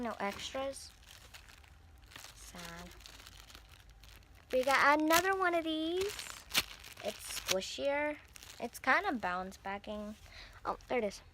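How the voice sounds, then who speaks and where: A woman's voice: fairly high pitch, background noise. Gushing young woman unboxing toys. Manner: gushing, breathy squeals over cute toys. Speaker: vlogger. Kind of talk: casual unboxing chat.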